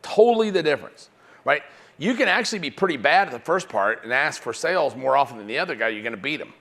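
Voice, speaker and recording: A man's voice: mid-range voice, fast. A man giving a live sales-training seminar with lots of energy, often checking in with his audience. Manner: energetic, punctuates points with "right?".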